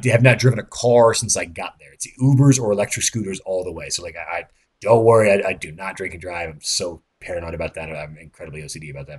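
A man in his late thirties, a podcast host, telling a rambling, excitable story with lots of fillers, restarts and swearing. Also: lowish voice, slightly rough. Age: late 30s. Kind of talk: casual storytelling monologue.

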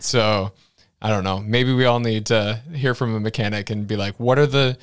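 A man co-hosts a casual podcast chat. His voice sits a little low, and he grows animated and laughs as he tells his own stories. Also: moderate pace, smooth. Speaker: podcast co-host.

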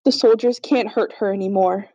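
A woman puts on a frightened young captive woman with a soft, pleading, trembling way of talking. The voice is mellow and dry, and the recording is slightly dull and lo-fi. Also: mid-range voice, fairly even intonation, normal speed, slightly rough, dry recording, close to an everyday voice. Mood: grieving.

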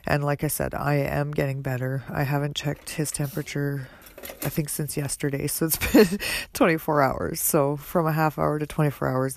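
Woman podcast host, earnest, halting, even-toned personal monologue. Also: sits low, gravelly. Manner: earnest, halting, many pauses and fillers.

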